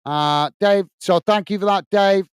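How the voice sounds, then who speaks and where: This English host of a football watch-along speaks in a high, clean voice without rushing. He casually reads viewers' comments aloud, peppering everything with uhs and addressing everyone as mate.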